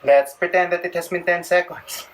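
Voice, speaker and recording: A man's voice: high voice, steady tone, moderate pace. A man with a Filipino accent demonstrating a yoga stretching routine, chatty and a bit out of breath, with jokey asides. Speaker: fitness vlogger. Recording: distant mic with faint background noise.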